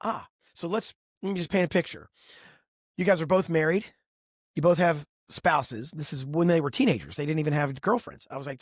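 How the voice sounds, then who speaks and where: A middle-aged man co-hosting a podcast, telling stories in a lively, expressive way. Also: on the high side, a little fast, no echo, clean studio sound. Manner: animated storyteller, lively and expressive. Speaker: podcast co-host. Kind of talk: casual podcast conversation.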